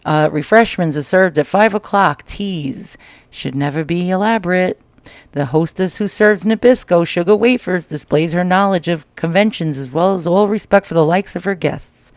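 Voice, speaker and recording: In a small home with no room sound, a man with a high-sitting voice and a New York accent reads vintage magazine ads at a normal pace. As a vlog host doing casual commentary, he adds crude, joking remarks while a dryer taps behind him.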